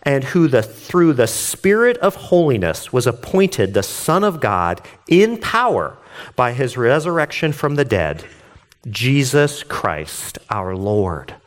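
A man's voice: medium pitch, very animated, slow pace. A man reading scripture aloud and explaining it in a casual, earnest way, sometimes getting worked up. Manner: reads scripture then explains it conversationally. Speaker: Bible teacher. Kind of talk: devotional Bible reading and commentary.

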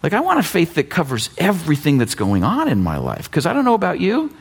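A man in his fifties preaching a sermon as pastor, in a conversational, animated way with teasing asides. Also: on the high side, quick pace, husky. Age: 50s.

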